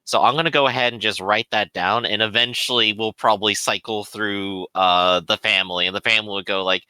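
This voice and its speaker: A man at a tabletop game talks through his plans in a casual, matter-of-fact way. His low voice has a very bright, sharp edge, heard dry and close. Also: fairly even intonation, brisk, hardly any pauses, smooth, no room sound. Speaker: player.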